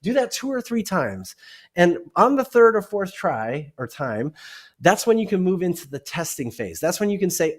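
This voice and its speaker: Male keynote-speaker guest, fairly high voice, lively delivery acting out exchanges. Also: normal speed. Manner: animated, acts out dialogues. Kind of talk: conversational interview.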